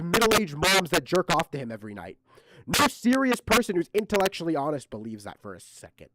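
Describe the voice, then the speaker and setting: A man's voice: fairly high pitch, sing-song, brisk, noisy background. A man streaming, giving casual reaction commentary in heated, mocking, profane rants.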